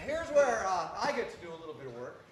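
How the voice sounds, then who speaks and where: A hammy, energetic man hosts and narrates a live improv show in a very high voice. He sounds far from the mic in a very echoey space, with clear noise behind. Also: fast, a crowd in the background.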